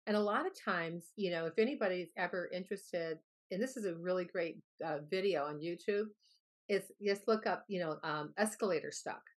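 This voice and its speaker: Low-voiced woman, rambling storyteller. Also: moderate pace. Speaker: guest health expert. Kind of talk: casual interview chat.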